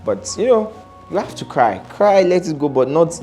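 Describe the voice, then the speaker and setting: A man's voice: a little high, big pitch swings, normal speed, warm tone. Guy reacting to a video, blunt and laughy, keeps repeating himself, bit of music behind.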